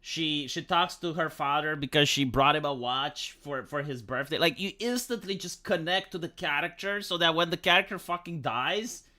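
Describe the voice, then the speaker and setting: Bright-voiced ranting game streamer. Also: mid-range voice, normal speed, few pauses. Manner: ranting, exasperated, stumbling over words. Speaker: live streamer. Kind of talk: live gameplay commentary.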